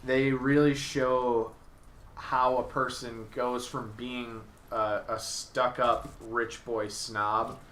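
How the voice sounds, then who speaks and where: Bright-voiced young man, enthusiastic podcast host. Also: mid-range voice, level tone. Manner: enthusiastic, rambling, quick to laugh. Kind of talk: casual podcast chat. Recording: echoey room mic from a distance with faint noise.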